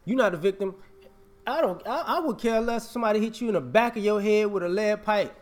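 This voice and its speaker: A man's voice: high voice, quick pace. A man vlogging a casual opinion rant, emphatic and repetitive, scolding and laughing.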